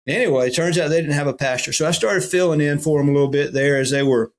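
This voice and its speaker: A man's voice: on the high side, fast talker. A middle-aged man with a Southern US accent, a pastor telling folksy stories in a podcast interview. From Alabama. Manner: folksy, animated when quoting others.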